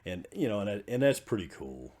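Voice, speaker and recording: A low-voiced older man shares a fan story on a casual podcast. He starts out hesitant with plenty of fillers. He grows louder and livelier as the story builds. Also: a little fast, slightly rough. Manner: animated storyteller who gets louder as he tells it. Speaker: podcast co-host.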